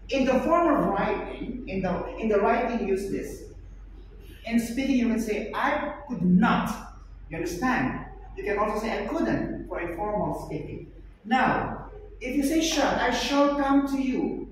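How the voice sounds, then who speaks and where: A male English teacher giving a classroom lesson, speaking loudly and emphatically, repeating points and pressing students to answer. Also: high-pitched, slight background noise. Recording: far-off echoey classroom recording.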